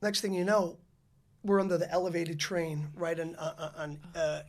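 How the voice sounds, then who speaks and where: A man's voice: on the high side, fairly even intonation, moderate pace. A man, a podcast guest telling a long story in a rambling way, with many restarts and fillers. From the Bronx, New York City. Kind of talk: casual storytelling interview.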